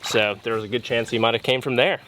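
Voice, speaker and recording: A young man hosting an outdoor fishing vlog by a small creek, excitable and quick to laugh, calling out catches as they happen. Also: mid-range voice, a little hiss or hum. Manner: excitable, laughs often, says dude. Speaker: fishing channel host.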